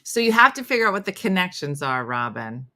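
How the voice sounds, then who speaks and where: Here a comedian hosting a live morning show talks in a lowish, sharp voice, very animated and fairly quick. Her casual live-stream banter is self-deprecating, and she reads viewer comments as she goes.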